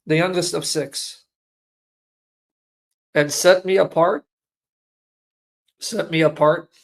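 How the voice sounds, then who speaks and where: Slow, high-voiced man in his fifties. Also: steady tone, gravelly. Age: 50s. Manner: emphatic, repeats phrases for weight. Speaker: Christian apologist giving a testimony. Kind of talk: emotional personal testimony.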